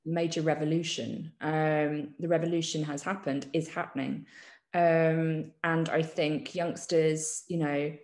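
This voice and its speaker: A woman journalist answering interview questions in a thoughtful way, often pausing with ums and restarting her sentences. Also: deep voice, flat delivery, darkish tone, echoey room. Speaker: journalist guest. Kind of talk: reflective conversational interview.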